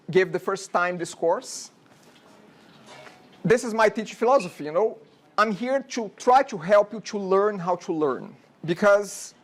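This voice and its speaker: A high-voiced college instructor in his forties, with a Brazilian Portuguese accent, lectures a classroom. He talks in a chatty, meandering way, often stopping to check "okay?" with his students.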